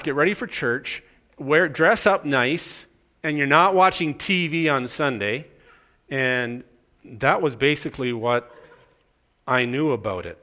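A middle-aged man from Canada delivers a sermon as a string of casual anecdotes. He is self-deprecating and acts out the voices of the people in his stories. His voice sits a little higher than most men's. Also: sharp tone. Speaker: preacher. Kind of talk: sermon with storytelling.

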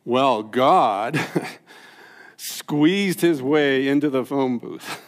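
A man preaching a sermon, telling stories that swing from loud and high to hushed and low. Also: expressive, drawn-out words. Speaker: pastor. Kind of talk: sermon storytelling.

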